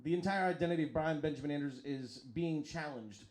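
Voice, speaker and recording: A man hosting a live stream and commentating wrestling in an excitable, profane way that hollers at the action. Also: on the high side, brisk. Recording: crowd noise and music behind.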